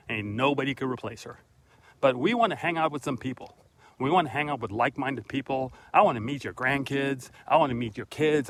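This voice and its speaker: A man's voice: medium pitch, slight background noise. A middle-aged man hosting a motivational vlog, talking earnestly and a bit preachy straight to his viewers while out on a walk, recorded on a handheld phone. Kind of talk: casual motivational monologue on a walk. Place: outdoors on a walk, then at his front door. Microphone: phone camera held by the speaker.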